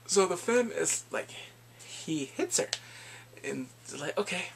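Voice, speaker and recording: A man giving a casual recap of drama episodes. He talks in an animated way, acts out the characters and laughs often. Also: high-pitched, slow, creaky, breathy edge. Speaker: drama reviewer.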